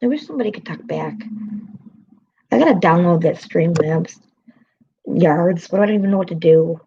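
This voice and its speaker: A woman's voice: on the low side, moderate pace, dark tone, husky, muffled recording. A woman live streamer, upset and swearing as she vents to her chat and greets viewers by name.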